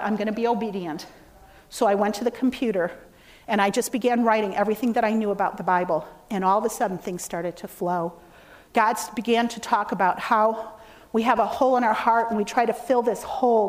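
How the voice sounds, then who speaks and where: A middle-aged woman giving a storytelling testimony in church, acting out the voices of the people she quotes. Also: mid-range voice. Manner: storytelling with lively acted quotes. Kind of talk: testimony sermon.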